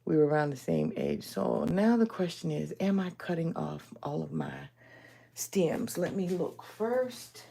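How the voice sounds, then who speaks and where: A woman's voice: low voice, sing-song, unhurried, creaky, mellow, breathy edge. A woman, hosting a casual live stream, telling folksy stories and acting out other people's lines while she crafts. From Aliquippa, Pennsylvania. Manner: chatty storyteller who acts out other people's lines; folksy, calls listeners honey.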